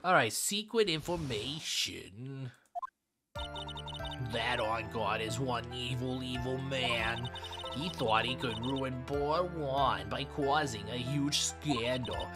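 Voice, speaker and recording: A gossipy, foul-mouthed old woman witness, read out by a man in a video game dub, rambling on in an indignant, shrill way. Her pitch sits in the middle, with loud game music under her. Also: takes it slowly, natural voice. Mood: conspiratorial.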